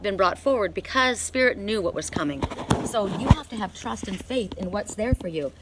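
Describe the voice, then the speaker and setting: A middle-aged woman doing an oracle card reading outdoors in the cold, talking earnestly and emphatically with bursts of excitement. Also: mid-range voice, slight background noise.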